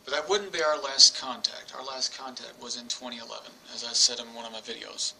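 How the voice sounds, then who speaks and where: A man in his forties telling a personal story to camera, rambling and halting with many restarts. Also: medium pitch, steady tone, gravelly, pushed and bright, slight background noise, rough recording. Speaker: vlogger. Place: England.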